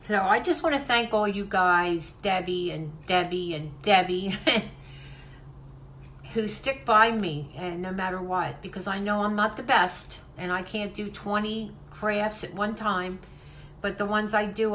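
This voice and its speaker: An older woman talks to her viewers at home in a heartfelt, rambling way, often stopping to restart a sentence. Her pitch is average, and a faint hum runs under the voice. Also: unhurried, a bit bright, rough recording. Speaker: craft channel host. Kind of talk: casual vlog talk to viewers.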